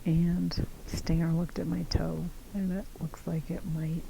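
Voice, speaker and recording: A woman hiker whispers a calm update from a trail shelter, her voice low and gravelly. There is clear background noise behind her quiet words. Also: measured pace. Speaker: long-distance hiker vlogger. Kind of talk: quiet evening vlog update.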